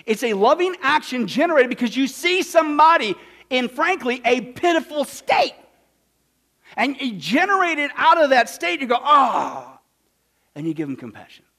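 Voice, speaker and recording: Animated male pastor from Kansas, high voice, jokey sermon delivery, loud-to-hushed swings. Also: moderate pace. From Kansas, United States. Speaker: pastor teaching a Bible study.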